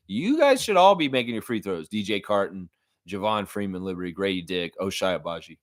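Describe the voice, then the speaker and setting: A man hosting a casual sports livestream, reading chat and breaking into animated, profane rants. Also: low-pitched, fairly quick, dry recording, clean studio sound. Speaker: livestream host.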